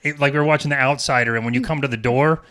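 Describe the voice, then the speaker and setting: A man hosts a casual podcast conversation in a mid-pitched voice. He talks in a friendly, chatty way, like an eager fan of his guest. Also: steady tone, rapid-fire, sharp tone, smooth. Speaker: podcast host.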